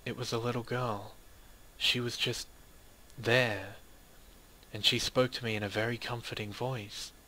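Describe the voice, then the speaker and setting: A man reading a dramatic first-person story in a steady, measured way. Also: mid-range voice. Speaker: narrator.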